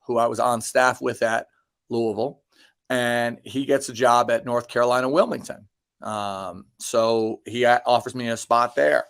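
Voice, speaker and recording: A man's voice: mid-range voice, no room sound. Rambling dry-humored man coach. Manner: rambling, many ums and restarts, dry self-deprecating jokes. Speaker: basketball coach, guest. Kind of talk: casual interview answers.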